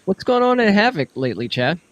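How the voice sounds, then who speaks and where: A man's voice: sits high, big pitch swings, fast talker, muffled recording. A man hosting a casual podcast, upbeat, reading out listener messages and bringing in guests. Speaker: podcast host.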